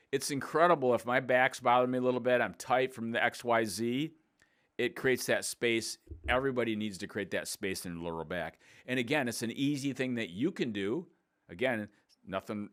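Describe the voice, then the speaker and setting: A man's voice: mid-range voice, fairly bright tone. Upbeat older fitness coach, man in his 60s. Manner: upbeat, plain-spoken, practical coaching tone. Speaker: fitness coach and podcast host. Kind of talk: casual instructional podcast talk.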